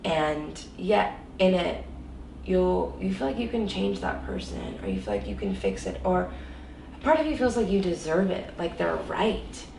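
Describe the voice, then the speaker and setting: A woman's voice: fairly low pitch, very animated, measured pace, vocal fry, far from the mic, noisy background. A woman guest in an interview, candidly telling a personal story with emotion and many fillers, in an echoey room set back from the mic.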